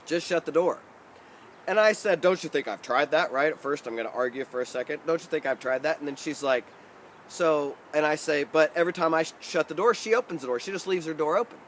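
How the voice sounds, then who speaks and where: A man's voice: a little high, slight background noise. Earnest man giving coaching talk. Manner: earnest, encouraging, animated storytelling. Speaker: life coach. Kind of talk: direct-to-camera coaching talk.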